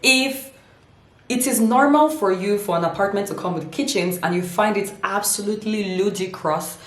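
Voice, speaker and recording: A woman's voice: medium pitch, moderate pace, echoey room. A woman vlogging in a humorous, casual way, laughing often and giving her points dramatic emphasis.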